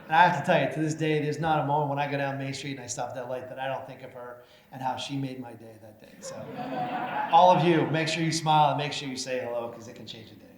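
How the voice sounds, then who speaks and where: A man's voice: medium pitch, steady tone, quick pace. A middle-aged man, a mayor, giving an award acceptance speech as a folksy storyteller with hesitant fillers, into a podium microphone in a large event hall. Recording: echoey hall, faint noise.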